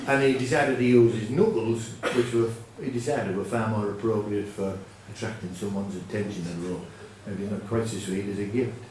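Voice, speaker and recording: Rambling comic folk singer, echoey hall. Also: male voice, fairly low pitch, moderate pace, few pauses, slight background noise. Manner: rambling, deadpan comic patter with self-corrections. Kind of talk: comic storytelling at a live folk gig. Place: live venue with audience. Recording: echoey room from far off.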